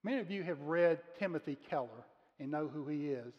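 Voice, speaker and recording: A man preaching a sermon as pastor, speaking earnestly and slowing down to stress key words. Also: fairly high pitch, expressive. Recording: muffled sound with long reverb of a large room.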